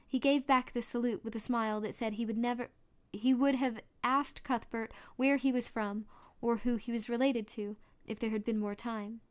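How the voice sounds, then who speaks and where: A woman narrates a novel aloud in a smooth, clear voice that sits a little high. She reads steadily and stumbles now and then, restarting a word and going on. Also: steady tone, normal speed, hardly any pauses. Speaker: audiobook reader. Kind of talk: storybook narration.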